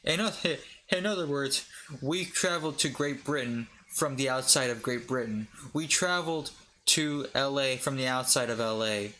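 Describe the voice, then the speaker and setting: A man reads articles aloud to his stream chat. He trips over words, jokes and breaks off to laugh. His voice is bright and forward, with a faint background hum. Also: mid-range voice, normal speed. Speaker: VTuber streamer.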